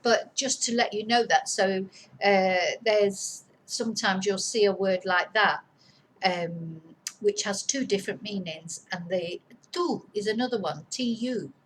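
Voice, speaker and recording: A woman teaches Spanish pronunciation in a relaxed, chatty way, wandering off and circling back as she explains. Her voice sits at a middling pitch, with a faint hum of room noise behind her. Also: unhurried, poor audio. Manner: chatty, rambling, self-correcting. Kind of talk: casual explanatory lesson.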